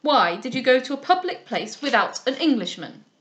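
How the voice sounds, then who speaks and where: A woman voicing a surly, prejudiced English captain who speaks bluntly and gruffly. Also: high-pitched, very animated, normal speed, fairly bright tone.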